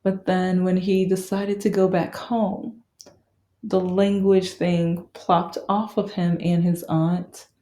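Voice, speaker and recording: A woman's voice: mid-range voice, warm tone, reverberant. A woman talking casually about a film she loved, rambling with many fillers and restarts. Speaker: vlogger reviewing a film. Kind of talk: casual monologue.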